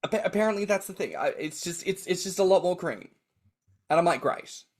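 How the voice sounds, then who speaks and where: A man's voice: sits high, quick pace. An Australian man co-hosting a chatty podcast. He tells stories with lots of energy and acts out the people he quotes. His talk is loose and full of swearing. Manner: animated storyteller, acts out quoted voices, swears freely. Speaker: podcast co-host. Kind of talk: casual chat.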